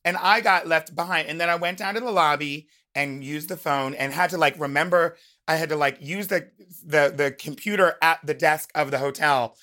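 A woman chatting as a podcast guest, an animated storyteller who slips into the voices of the people in her stories. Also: low-pitched, normal speed. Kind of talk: casual podcast chat.

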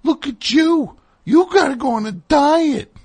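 A man's voice: very high voice, unhurried, a little mellow, pitched above the performer's own voice. A man voicing a gushing female dog groomer who coos at a dog in baby talk. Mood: cooing. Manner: sing-song cooing dog voice.

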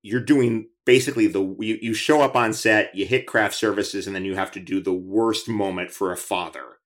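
Low-voiced male interviewer, chatty. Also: fairly even intonation, normal speed. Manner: chatty, enthusiastic, many restarts. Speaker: podcast host. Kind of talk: conversational interview.

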